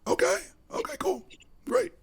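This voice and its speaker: A man co-hosting a live sports podcast, arguing heatedly in casual talk, swearing, laughing and repeating himself as he presses his point. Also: moderate pace. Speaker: podcast co-host.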